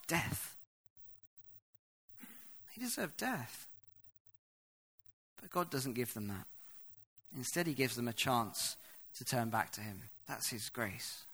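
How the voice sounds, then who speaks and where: A man preaching a sermon, reading scripture aloud and explaining it, swinging from hushed to loud. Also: medium pitch, breathy edge.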